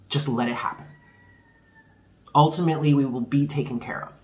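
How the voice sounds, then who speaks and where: A man's voice: medium pitch, steady tone, a little fast, a little mellow. A man doing a casual tarot reading for viewers, chatty and candid, laughing often. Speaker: tarot reader.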